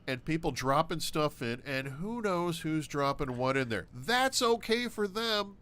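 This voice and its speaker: Joking american guy cohost, bright voice, pitch all over the place. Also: lively intonation, a little slow, no echo. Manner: jokey, wordplay, puts on accents. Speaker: podcast co-host. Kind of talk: casual political chat.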